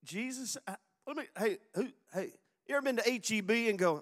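Male pastor, lively pulpit delivery with big swings in volume and pace, leads call-and-response. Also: high voice. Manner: swings from loud, fast exhortation to soft, slow reflection; calls on the congregation to repeat phrases. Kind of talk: sermon. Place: church sanctuary before a congregation.

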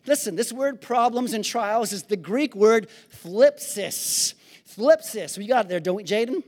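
A male pastor preaching a sermon to his congregation, swinging between shouted praise and easy conversational asides. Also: sits high, lively intonation, a little slow. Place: church sanctuary. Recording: long hall reverb.

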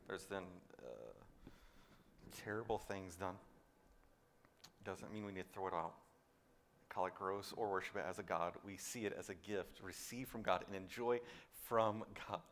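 A male pastor preaching a sermon. He swings between loud, emphatic declarations and quiet, low asides, and repeats words when he stresses a point. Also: a little slow, pauses often, a little hiss or hum.

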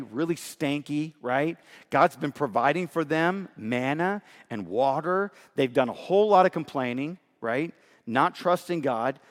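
A middle-aged man preaching a sermon as pastor, earnest and emphatic, often checking in with his listeners. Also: fairly high pitch. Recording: long hall reverb.

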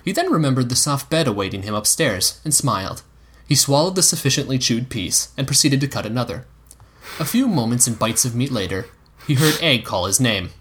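A man's voice: mid-range voice, expressive, fairly quick, a bit bright, breathy edge. A man narrating a story aloud, reading expressively and giving the characters voices. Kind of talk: reading fan fiction aloud.

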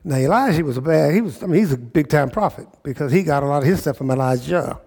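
A man's voice: fairly high pitch, lively intonation, quick pace, darkish tone, slightly rough. A pastor preaching a sermon, emphatic, repeating phrases and checking in with his listeners.

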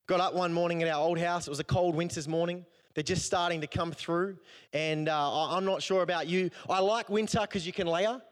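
A man preaching a sermon, telling a personal story in a conversational, humorous way. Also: sits high. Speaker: pastor.

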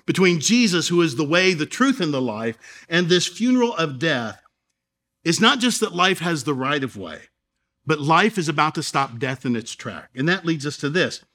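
A male pastor delivers a sermon in a slightly higher than average voice. He speaks earnestly, drawing out key phrases with pauses and swinging between soft, low moments and louder emphasis. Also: very animated. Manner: earnest preaching with dramatic pauses and shifts in volume.

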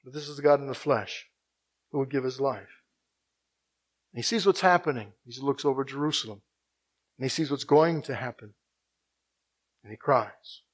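Preaching in a mid-range voice, a man alternates soft, unhurried passages with booming, emphatic bursts, echoing certain phrases for effect. The recording is rough.

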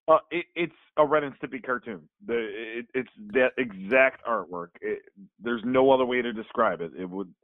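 A man co-hosting a podcast, retelling a comic in a rambling, animated way with many fillers. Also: medium pitch, no echo. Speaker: podcast co-host. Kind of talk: casual chat. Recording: phone-like, dry sound.

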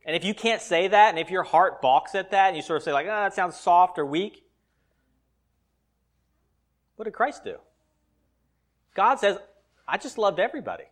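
A male pastor preaching a sermon, swinging between loud emphatic lines and quiet asides. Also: high-pitched, animated, moderate pace, pauses often.

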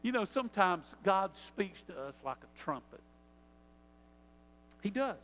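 A man preaching a sermon, earnest, swelling and softening his voice for emphasis as he reads scripture. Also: high voice, very animated, unhurried. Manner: earnest, rises and drops in loudness for emphasis. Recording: long reverb with faint hum.

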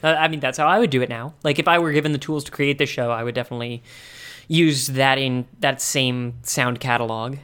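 A man's voice: mid-range voice, steady tone, fairly quick, fairly bright tone, clear, resonant tone. A man co-hosting a podcast in casual chat, thinking aloud with wry, joking asides. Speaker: podcast co-host.

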